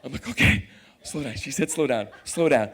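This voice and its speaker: A man telling a true personal story on stage, animated and profane, laughing as he talks and acting out his own inner voice. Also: medium pitch, normal speed, slight background noise.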